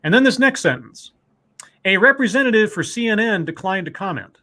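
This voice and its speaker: A man with a high-pitched, bright and forceful voice speaks fairly quickly with big pitch swings. Co-hosting a casual talk stream, he reads news stories and viewer messages aloud, quoting them and correcting himself as he goes.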